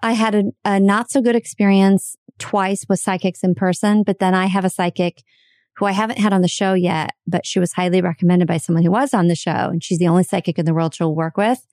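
Animated woman telling a story. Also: fairly low pitch, brisk, dry recording, studio quality. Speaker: podcast host and guest. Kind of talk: casual chat.

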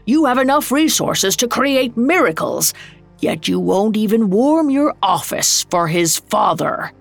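Woman voicing the Ghost of Christmas Present, grave and gravelly. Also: fairly low pitch, expressive, slow, faint music behind, exaggerated voice. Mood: scolding. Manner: grave, commanding, reproachful. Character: towering stern male Christmas spirit.

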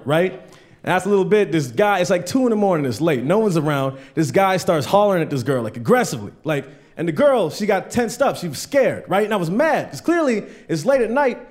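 A man doing a stand-up set in a comedy club, telling loose stories full of swearing and acting out the people in them. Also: fairly high pitch. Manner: loose storytelling, swearing, acts out voices.

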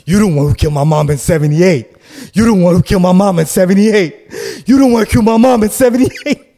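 A man voicing an unkempt man in his late forties who shouts the same accusation again and again. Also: mid-range voice, flat delivery, fast talker, faint music behind, lightly acted. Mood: accusing. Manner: repeats himself, shouting and pointing.

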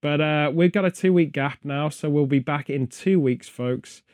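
A man's voice: on the high side, normal speed, darkish tone, dry recording, studio quality. A British man hosting a podcast, rambling through casual chat full of wry, absurd jokes. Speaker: podcast host.

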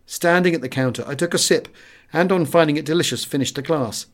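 A man reading a first-person wartime memoir aloud as an audiobook, with a measured and expressive delivery. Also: a little high. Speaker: audiobook narrator.

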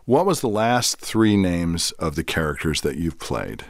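A man guest talking casually in an interview, telling animated stories, acting out quotes and laughing often. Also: sits low, measured pace, no room sound, clean studio sound. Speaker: guest actor and director.

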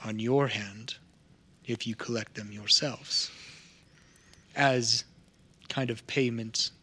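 A man voicing a proud, formal non-human crafter in a tabletop game, speaking slowly and with measured care. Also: medium pitch, steady tone, sharp tone, breathy edge, heavily acted.

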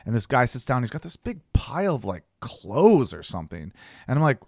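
A man's voice: a little fast, dry recording, clean studio sound. A man, a caricature artist, telling a story in casual chat, swearing often and acting out the people he quotes. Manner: animated, swears often, acts out quoted people with big pitch jumps.

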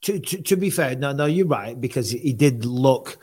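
A man's voice: medium pitch, animated, normal speed, darkish tone, breathy edge. A man hosting a casual sports talk show, chatty and teasing, often repeating himself. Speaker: host and commentator.

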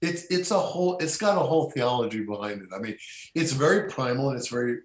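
A man's voice: mid-range voice, lively intonation, quick pace. A middle-aged man talking casually as a podcast guest, rambling with many restarts and fillers. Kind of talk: casual conversation. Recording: echoey room.

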